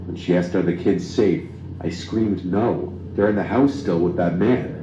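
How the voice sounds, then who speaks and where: A man narrating a true horror story in a steady, even reading voice. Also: sits low, unhurried, a little hiss or hum. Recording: roomy, slightly dull, faint music.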